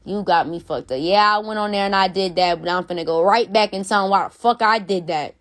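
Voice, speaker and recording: A woman's voice: mid-range voice, fairly even intonation, a little fast. A woman ranting on a phone live stream, blunt and profane, repeating herself for emphasis. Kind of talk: heated casual rant.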